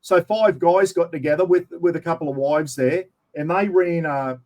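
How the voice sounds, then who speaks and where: A man's voice: fairly high pitch, normal speed, a little mellow. An Australian man chatting casually as an interview guest, telling long rambling stories and saying "mate" all the time. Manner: rambling storyteller, says "mate" constantly.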